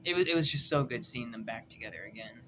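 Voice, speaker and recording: A man's voice: mid-range voice, fast talker, noisy background. A young man giving a loose, profane, slangy review of a TV episode. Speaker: show reviewer. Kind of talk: casual review chat.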